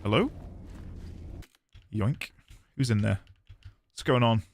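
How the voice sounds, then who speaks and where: A man streaming a video game live, chatting casually with his viewers, animated and quick to laugh at himself. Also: medium pitch, a little hiss or hum. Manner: animated, laughs often, self-deprecating asides to chat. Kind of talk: casual live gaming commentary.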